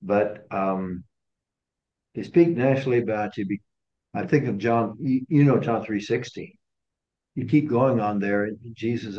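A man's voice: fairly low pitch, unhurried, dark tone, lo-fi sound. A man leading a casual Bible study group, talking conversationally and often repeating and restarting words. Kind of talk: casual teaching to a small group.

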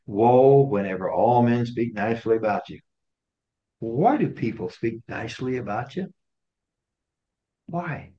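A man's voice: medium pitch, animated, unhurried, long pauses, mellow, muffled recording. Man teaching a casual Bible study. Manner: conversational, repeats and restarts words. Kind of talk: casual teaching to a small group.

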